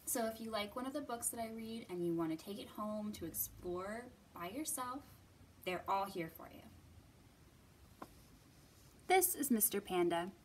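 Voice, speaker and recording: A woman librarian leading a children's storytime, reading aloud in an expressive, bright manner and acting out the quoted lines. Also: medium pitch, a little slow, pauses often, slight background noise.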